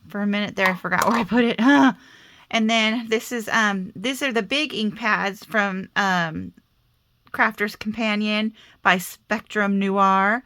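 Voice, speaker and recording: A woman's voice: a little high, a bit bright. A chatty woman with a slight Southern American accent, hosting a casual crafting tutorial and talking to herself as she works. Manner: chatty, self-deprecating, talks to herself while working. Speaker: crafting video host.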